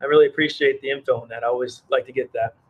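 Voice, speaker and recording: A man's voice: medium pitch, fairly even intonation, rapid-fire, muffled recording. Chatty man live-streaming outdoors. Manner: chatty, reads chat aloud, rambling. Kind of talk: casual live-stream chat. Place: outdoors in the cold.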